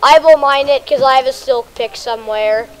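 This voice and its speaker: A young female gamer chatting casually while playing, excitable and a bit bossy, slightly sick. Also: high voice, moderate pace, rough recording. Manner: excited, bossy about the game. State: a little sick. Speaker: gamer host. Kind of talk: casual game chat.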